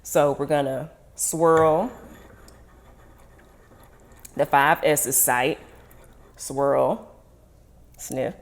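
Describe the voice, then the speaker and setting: Woman, slightly low pitch, chatty, playful, casual tasting talk. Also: fairly even intonation, extremely slow, long pauses. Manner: chatty, playful, self-teasing. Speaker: wine vlogger. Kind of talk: casual unboxing and tasting chat.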